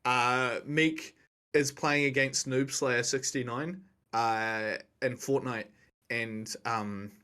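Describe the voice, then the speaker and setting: Bright-voiced young man rambling. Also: mid-range voice, steady tone, slow pace, smooth. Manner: rambling, slangy, laughs often. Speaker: podcast co-host. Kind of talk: casual chat.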